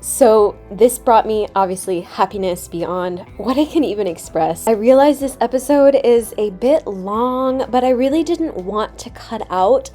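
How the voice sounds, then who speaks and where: A woman's voice: a little high, expressive, measured pace, hardly any pauses, warm tone, soft background music. Tender, emotional young woman vlogging. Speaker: vlog host. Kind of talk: heartfelt vlog voiceover. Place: voiceover recorded separately from footage.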